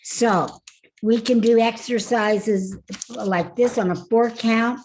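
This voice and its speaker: A woman's voice: on the high side, fairly even intonation, slow, darkish tone, a little hiss or hum. A woman coaching a group through voice and face exercises in an online workshop, upbeat and laughing often. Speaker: speaking coach. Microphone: video call.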